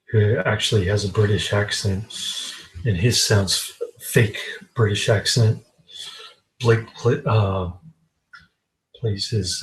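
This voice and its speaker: A man giving a casual spoken film review in a halting, meandering way. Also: lowish voice, rough recording.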